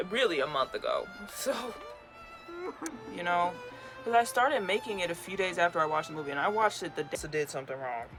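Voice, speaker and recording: A young woman crafting and chatting to the camera in her bedroom, expressive, moving between weary grumbling and excited squeals. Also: low-pitched, creaky. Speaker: crochet vlogger. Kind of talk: casual craft vlog, talking to camera.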